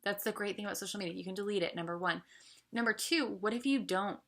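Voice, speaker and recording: A woman's voice: mid-range voice, fast talker, fairly bright tone. A young woman coaching her audience in an earnest motivational talk, asking question after question with frequent fillers. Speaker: business coach.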